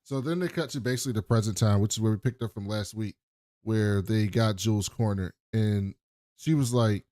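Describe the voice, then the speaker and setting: A man's voice: fairly low pitch, fairly quick, warm tone, dry recording, studio quality. Laid-back man recapping a TV episode. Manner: loose, profane, laid-back storytelling. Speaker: podcast co-host. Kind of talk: casual TV recap chat.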